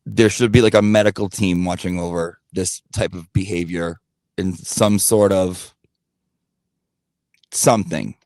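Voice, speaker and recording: A man with a lowish voice rants straight at his regular viewers in casual commentary. He swears freely and hammers his points by repeating them. The sound is dry and close. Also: steady tone, unhurried, long pauses, darkish tone, dry recording. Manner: blunt, profane, repetitive emphasis; talks directly to his audience. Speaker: commentary channel host.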